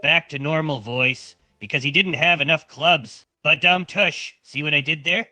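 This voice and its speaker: A man's voice: fairly high pitch, normal speed, pushed and bright, dry recording, faint music behind. A male voice acting as an AI co-host in casual commentary, reading stage directions aloud and calling his partner "partner".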